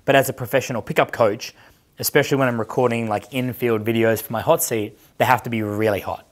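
Thirties male coach, casual brash seminar talker, swears freely, mid-pitched. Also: steady tone, quick pace. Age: 30s. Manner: brash, profane, storytelling. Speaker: dating coach. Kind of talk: casual seminar talk with audience questions.

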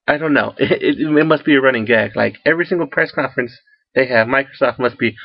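A man's voice: mid-range voice, fast talker, creaky, dry recording. A man giving rambling solo commentary, recorded on a home sound recorder, with many fillers and restarts. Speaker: YouTuber. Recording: muffled dry home recording.

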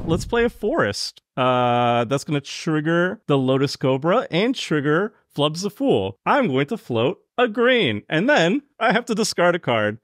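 A man playing a card game on a show, excitable and laughing as he reads out card text. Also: fairly high pitch, unhurried, few pauses, no echo, clean studio sound. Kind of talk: casual game banter.

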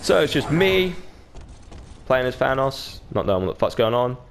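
A man's voice: medium pitch, big pitch swings, normal speed. A man giving casual, profanity-heavy commentary over his own gameplay, with a laid-back manner. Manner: laid-back, swears a lot, mimics others. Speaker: gaming YouTuber. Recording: noticeable background noise.

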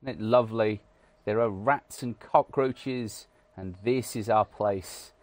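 A man's voice: lowish voice, slow pace, dry recording. A British man from the UK giving casual, wry commentary over a video game, self-deprecating and full of "uh" fillers. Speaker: gaming channel host.

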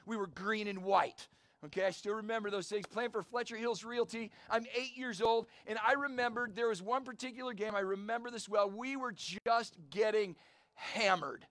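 A middle-aged male pastor preaching an energetic, storytelling sermon outdoors and calling for amens. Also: high-pitched, normal speed. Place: outdoor church service.

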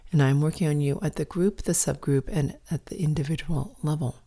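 A woman guiding a meditation in a soft, slow, often whispered voice. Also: sits low, breathy edge. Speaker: meditation guide. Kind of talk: guided meditation.

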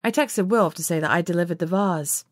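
A woman narrating an audiobook in first person with steady, measured storytelling. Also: on the low side, dry recording, clean studio sound.

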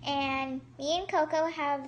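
A woman hosting a casual gameplay commentary, excitable and chatty, gasping and squealing at surprises and rambling with restarts. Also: sits high, a little slow, a little hiss or hum. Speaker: gaming channel host.

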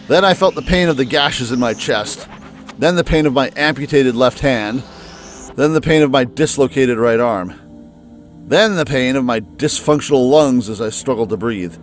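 A man's voice: medium pitch, normal speed, slight background noise, pitched below the performer's own voice, close to an everyday voice. A man reading a wounded young man's first-person narration aloud from a visual novel, in a plain, lightly dramatic way.

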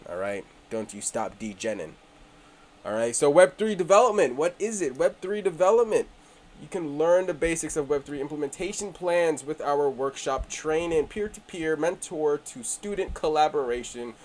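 A man of middle pitch talking casually as a crypto channel host. He teases and jokes with his audience in a swaggering way, mumbling low one moment and shouting out the next. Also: a little hiss or hum. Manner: joking, brash and swaggering, swings between mumbling and shouting. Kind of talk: casual hyped promo talk.

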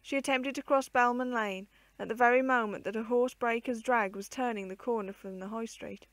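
Lady reading an old kids' book out loud, steady and expressive, super dry sound. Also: fairly high pitch, fairly quick, dry recording. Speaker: storyteller. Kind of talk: reading a classic children's book aloud.

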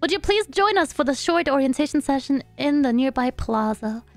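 A small, courteous raccoon helper politely guiding new arrivals, voiced by a woman reading his lines. it's a high, light delivery, recorded dry and close. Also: lively intonation, normal speed, no room sound, soft background music. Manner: polite, careful guide reading instructions. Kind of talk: reading game dialogue aloud on stream.

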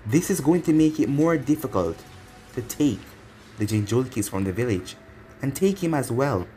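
A man voicing a sinister male creature who speaks in a calm, plotting way. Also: mid-range voice, moderate pace, soft background music, natural voice.

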